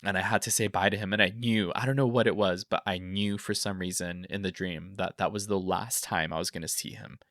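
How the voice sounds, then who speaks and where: Very deep-voiced rambling man host. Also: steady tone, brisk, hardly any pauses, fairly bright tone, no room sound, clean studio sound. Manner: rambling, filler-heavy, openly emotional. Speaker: podcast host. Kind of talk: casual podcast chat, reading listener stories.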